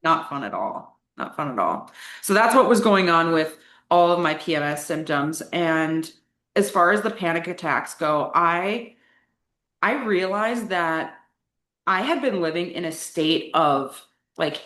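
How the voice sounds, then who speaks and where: A coaching client, a young adult woman, chats openly about her personal history in an informal interview, leaning on "like" again and again. She speaks a bit slowly with a fairly low, slightly bright voice, and the recording has room echo.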